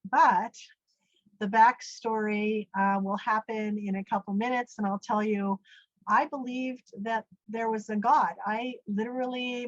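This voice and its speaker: This mid-range female voice belongs to an interview guest from the United States recounting how she nearly died. She rambles earnestly through her story, adding many asides and leaning on "you know" and "literally." The recording is dry, with the highs cut off.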